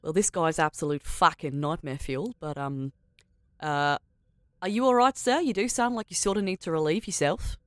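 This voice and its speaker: A woman's voice: low-pitched, normal speed, a bit bright, smooth, no echo, clean studio sound. A woman playing in a tabletop game, who banters playfully in character and laughs often. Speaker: player.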